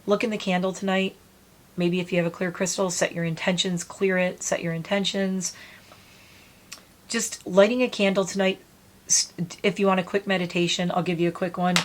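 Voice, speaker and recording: A middle-aged woman vlogger talking casually and gently to camera, soothing and meditative. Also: lowish voice. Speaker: beauty vlogger. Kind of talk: casual heartfelt talk to camera.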